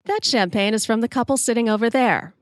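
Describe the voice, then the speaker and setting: A woman's voice: a little high, brisk, no room sound, close to an everyday voice. Woman doing a courteous server, firm, close dry sound. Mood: politely firm. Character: polite female bar server correcting a man.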